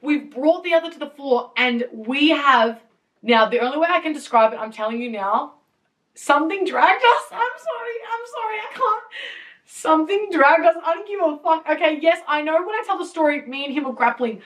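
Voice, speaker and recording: A young woman hosting a podcast, telling a story in a casual, animated way, with lots of fillers, swearing and laughter. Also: high-pitched, fairly quick, distant mic. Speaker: podcast host. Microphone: podcast mic.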